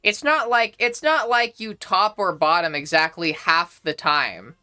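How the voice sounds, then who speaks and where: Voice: mid-range voice, a little slow, bright, forceful tone, clean tone. A young adult streamer casually chatting with a live audience, playful, profane and mock-indignant. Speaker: livestreamer reading chat.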